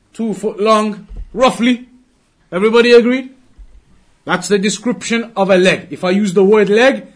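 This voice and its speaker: A man teaching a religious class, questioning his listeners and slowly repeating key words for emphasis. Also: high-pitched. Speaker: Islamic teacher.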